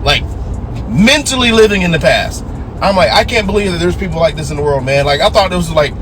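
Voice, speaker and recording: Sitting in a noisy car with traffic outside, a twenty-something man with a somewhat high voice speaks fairly quickly. His storytelling is casual and full of profanity, and he animatedly imitates the people he quotes over the background street and vehicle noise.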